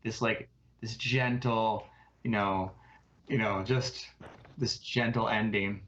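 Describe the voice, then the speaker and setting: A man playing a tabletop game, describing his character's actions in a halting way. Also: fairly low pitch, steady tone, fairly bright tone. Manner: halting, searching for words. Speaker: player. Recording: dull lo-fi mic.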